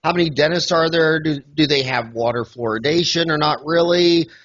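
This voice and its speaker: A man's voice: a little high, moderate pace, fairly bright tone, dull audio. A man from the United States hosting an interview in a joking, rambling way with many fillers. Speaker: podcast host. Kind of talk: casual interview.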